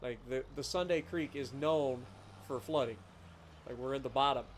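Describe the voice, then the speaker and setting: Appalachian man, casual streamer, clear deliberate talk, faint hiss behind. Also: mid-range voice, rough recording. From Appalachian foothills of Ohio. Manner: chatty storyteller, careful enunciation. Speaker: streamer playing a farming game. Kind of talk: casual live-stream chat.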